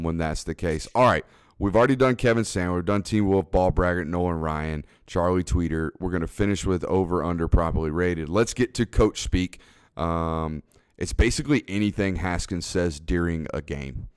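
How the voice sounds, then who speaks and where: Male podcast host, deep and smooth, easygoing and filler-heavy, dry close recording. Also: dry recording. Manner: laid-back, filler-heavy, laughs often. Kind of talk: casual chat.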